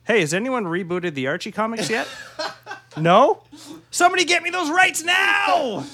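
A man playing a brash male TV executive who pitches a show in a mock-excited sales voice. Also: a little slow, full character voice. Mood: hyped pitching.

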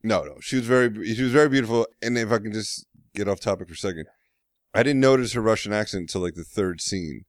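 A man's voice: fairly low pitch, quick pace, no echo. A man co-hosting a casual chat, throwing in teasing, dry jokes. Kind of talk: casual podcast banter.

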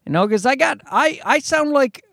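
A man's voice: very high voice, lively intonation, normal speed, gravelly, a bit bright, dry recording, studio quality. A man in his thirties, a comedian hosting his own podcast alone, rambling and self-mocking, swearing freely and restarting his sentences. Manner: rambling, self-deprecating, profane, with frequent restarts. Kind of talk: casual solo podcast monologue. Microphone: podcast microphone, dry close sound.

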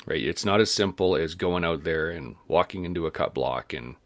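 A man's voice: low voice, normal speed, dry recording. A man, co-hosting a podcast interview, telling a story and acting out the voices of the people in it. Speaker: podcast co-host.

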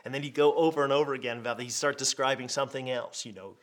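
Bright-voiced middle-aged pastor. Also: male voice, mid-range voice, racing, hardly any pauses. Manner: storytelling, lively and plain-spoken. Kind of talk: conversational sermon.

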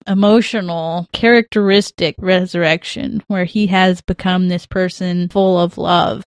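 A woman's voice: on the low side, dry recording, studio quality. Earnest, heartfelt woman podcast co-host. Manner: earnest and heartfelt, with light laughs. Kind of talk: casual podcast chat about films.

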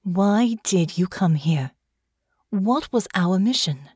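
A woman voicing Delphinia, a tall, grim, knowing young noblewoman, speaking low, slow and soft in an audiobook. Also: sing-song, slightly rough, dry recording, studio quality. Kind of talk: audiobook character voice.

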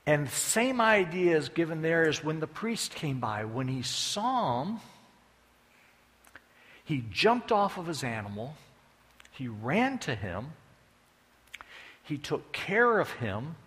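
A man's voice: on the high side, very animated, slow, long pauses, a bit bright. A man preaching a sermon as a folksy, joking storyteller, with long hall reverb behind him.

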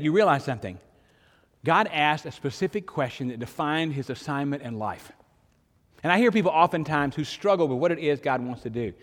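An older male pastor with a fairly high voice preaches in a large hall. He tells his sermon like a conversation full of stories, breaking into sudden emphatic peaks.

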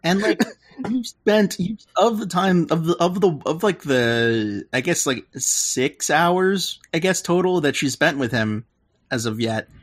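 A man's voice: a little high, expressive, a little slow, no room sound, clean studio sound. A man co-hosting a casual podcast, retelling movie scenes in a rambling way and acting out the characters' lines as he goes. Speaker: podcast co-host. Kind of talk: casual chat recapping a film.

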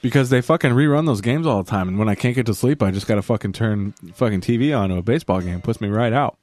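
A man's voice: on the low side, quick pace, a little mellow, no room sound. A middle-aged man co-hosting a podcast, chatting crudely and casually with lots of ums and swearing. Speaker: podcast co-host.

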